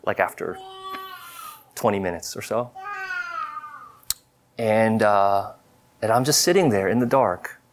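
Man preaching a testimony, lowish voice, halting, earnest, confessional. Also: background noise. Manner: halting, many fillers and restarts. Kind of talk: personal testimony in a sermon.

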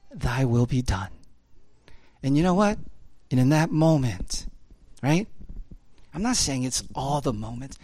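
A man preaching a sermon in a conversational way, often tagging "right?" and swinging between urgent, louder passages and hushed, intense ones. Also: medium pitch, no room sound. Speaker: pastor.

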